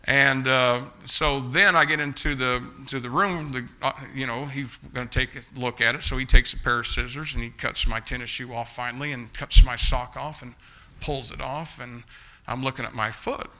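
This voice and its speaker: A man's voice: mid-range voice, fairly even intonation, moderate pace, sharp tone. An older man telling a folksy story with chuckles, acting out the motions as he talks. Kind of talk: casual spoken storytelling.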